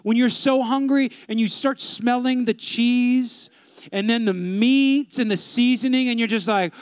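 A man, a pastor telling a funny story to his congregation with lively humor. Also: very high-pitched, measured pace, clean tone, no echo. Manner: animated, humorous, addresses the congregation. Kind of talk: storytelling sermon.

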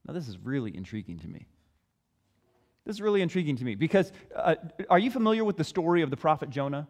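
A pastor preaching a sermon, retelling a story in an animated, conversational way. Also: male voice, a little high, fast, in a large hall.

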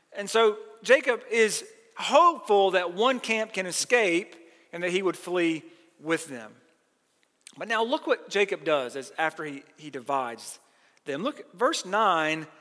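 Male pastor, high and bright-toned, earnest sermon delivery, long hall reverb. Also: expressive, unhurried. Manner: earnest preaching, quoting scripture with rising emphasis.

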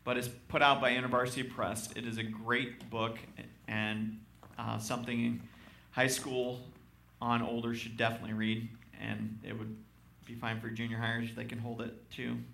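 A man's voice: mid-range voice, monotone, measured pace, vocal fry, fairly bright tone, slight background noise. A man preaching a sermon as pastor, reading scripture aloud and calling out to his congregation in an emphatic manner. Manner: emphatic, addresses congregation directly.

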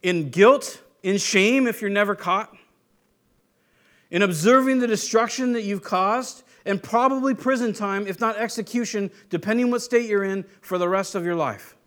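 Earnest high-voiced male preacher. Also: normal speed. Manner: earnest, swinging from loud urging to soft, low reflection. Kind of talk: sermon.

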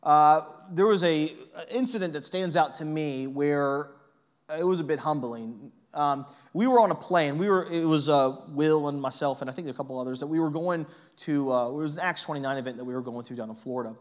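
A man preaching a sermon in a conversational way, often adding "right?" and telling animated, self-deprecating stories. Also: fairly high pitch, brisk. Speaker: pastor.

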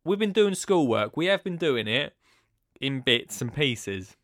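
A man hosting a podcast in a rambling, chatty way, swinging between loud bursts and hushed asides. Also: mid-range voice, very animated, a little slow, dry recording, studio quality. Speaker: podcast host. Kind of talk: casual chat.

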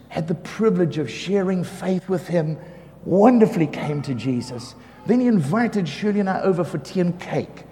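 A man preaches in a high, expressive voice, acting out his stories and breaking into laughter. His voice rings through a reverberant hall, with faint ambient noise behind it. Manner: animated storyteller, acts out quotes, laughs often. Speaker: pastor. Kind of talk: sermon storytelling.

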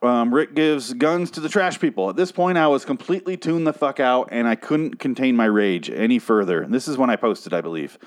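A man in the middle of an angry, sarcastic review of a TV episode, swearing freely. He mocks the characters with quick put-on voices in a mid-pitched voice. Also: expressive. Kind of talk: profane ranting review.

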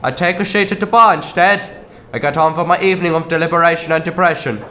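In a sketch comedy bit, a man plays a gruff Christmas demon with horns and fangs who sulks, feels wronged and loses his temper fast. He speaks with a bright, forceful voice on the high side and fairly even intonation.

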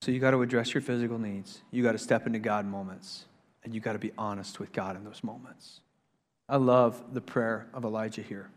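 A male pastor preaching a sermon in a church, swinging between loud, excited preaching and hushed intensity, emphatic and repetitive. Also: lowish voice, a little fast. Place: church sanctuary. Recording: long reverb of a large hall.

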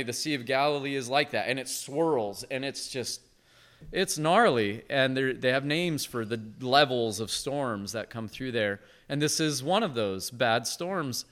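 A man preaching a sermon as pastor, earnest and conversational, swinging from hushed to emphatic. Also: medium pitch. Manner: conversational asides with short laughs.

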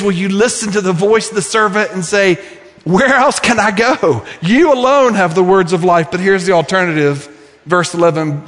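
A male pastor preaching with a high voice, earnest and pleading as he presses one rhetorical question after another. His voice rings with a long reverb in a large church sanctuary. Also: fairly bright tone. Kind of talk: sermon.

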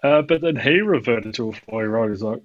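A man's voice: mid-range voice, animated, a little fast, no room sound, dull audio. Rambling, laughing male coach on a podcast. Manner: rambling, laughs often, acts out quoted voices. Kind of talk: casual podcast conversation.

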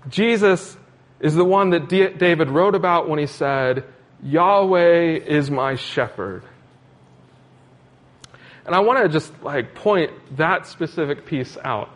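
A man's voice: a little high, moderate pace. A man preaching a sermon in an earnest, repetitive cadence, asking questions as he goes. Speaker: pastor.

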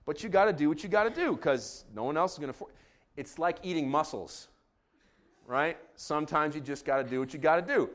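A middle-aged man preaching a sermon as a pastor, joking and animated, shouting in acted bits. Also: fairly high pitch, brisk.

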